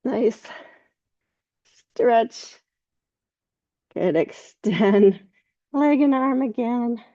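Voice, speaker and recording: A woman teaching a yoga class, giving slow, calm cues with soft laughs between poses. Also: on the high side, dry recording, lo-fi sound. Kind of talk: guided yoga class instruction.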